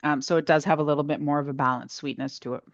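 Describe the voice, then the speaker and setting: A woman with a Canadian accent presenting a cooking demonstration, explaining in a relaxed, friendly way. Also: low voice, very fast, no echo, highs cut off. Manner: relaxed, friendly explaining, eats while talking. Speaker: home economist presenter.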